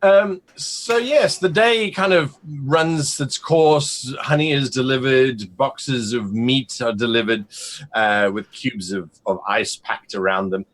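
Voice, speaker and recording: A man's voice: mid-range voice, slow pace. A man running a tabletop game as game master, narrating in a rambling way with many fillers.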